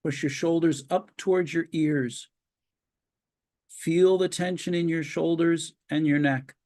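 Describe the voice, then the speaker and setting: In a webinar held over a video call, a psychologist with a slightly high male voice calmly coaches listeners in progressive muscle relaxation. Each cue comes slowly and in sequence, followed by a long pause.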